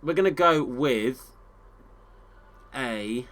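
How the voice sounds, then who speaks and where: A man's voice: medium pitch, expressive, very slow, fairly bright tone. Casual English streamer man chatting. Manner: casual, friendly, calls viewers bro and mate. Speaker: gaming streamer. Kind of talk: live game commentary and chat replies.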